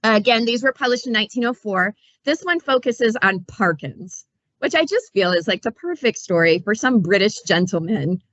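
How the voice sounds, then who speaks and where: A woman's voice: mid-range voice, expressive, normal speed, fairly bright tone, dry recording, highs cut off. A woman librarian chatting casually about books, telling stories in a playful way with asides. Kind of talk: casual book talk.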